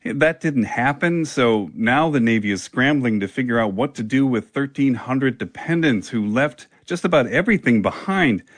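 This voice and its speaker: Male field reporter, measured and plain, dry close mic. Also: medium pitch, lively intonation, no room sound. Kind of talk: news reporting.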